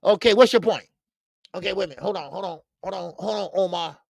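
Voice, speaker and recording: A man hosting a boxing talk stream, speaking casually and loudly, cursing freely, repeating himself and reading viewer comments aloud. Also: sits high, fast talker, vocal fry, no room sound, studio quality. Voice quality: loud, animated, profane, repeats himself. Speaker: boxing show host.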